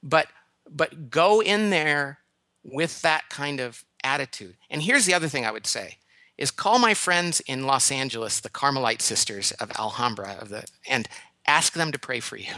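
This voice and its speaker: Man giving advice, bright forceful tone, dry studio sound, animated storytelling. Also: mid-range voice, moderate pace, dry recording. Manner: animated, emphatic storytelling that acts out other people's lines. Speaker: guest advice-giver, management consultant. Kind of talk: radio call-in advice.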